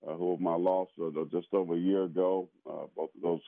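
Deep-voiced man on a phone line. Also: flat delivery, creaky, no echo. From South Carolina, USA. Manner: halting, many restarts and fillers. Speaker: pastor and former pro football player. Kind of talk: casual conversation.

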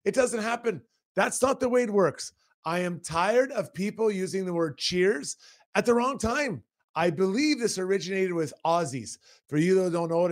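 A man's voice: high-pitched, expressive, normal speed. A man in his forties on a casual podcast, ranting with mock outrage about a pet peeve. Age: 40s. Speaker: podcast co-host.

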